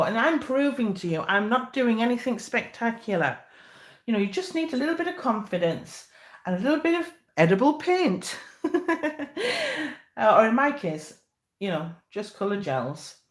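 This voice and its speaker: A middle-aged woman talks viewers through a cake decorating demonstration. She takes her time, pausing and filling gaps with "um" as she works. Her manner stays chatty and reassuring. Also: medium pitch. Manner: chatty, encouraging, slow and patient with fillers. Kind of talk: live baking demonstration.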